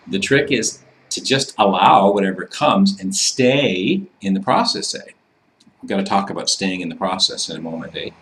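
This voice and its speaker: Low-voiced man teaching casually. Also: fairly bright tone, a little hiss or hum. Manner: loose and profane, tags sentences with "eh". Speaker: instructor. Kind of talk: casual instructional talk.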